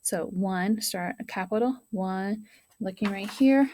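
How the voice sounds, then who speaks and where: A woman teacher modeling a writing lesson for young children, talking slowly and sounding out words and counting aloud. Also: mid-range voice, warm tone.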